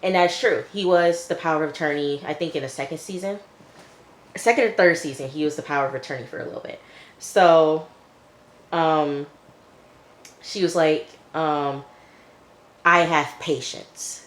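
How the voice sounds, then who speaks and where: Low-voiced woman recapping a TV episode. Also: normal speed. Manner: chatty, loose retelling full of "like" and "you know". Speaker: TV episode reviewer. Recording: echoey room.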